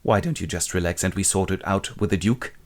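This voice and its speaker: A man voicing a calm, confident general who reasons plainly, in a comic retelling. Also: low voice, a little fast, close to an everyday voice.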